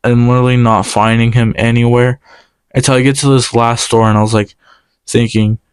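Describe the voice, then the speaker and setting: Young man telling a story, smooth voice. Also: mid-range voice, no echo. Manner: animated, quoting others in quick exchanges. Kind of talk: casual personal storytelling.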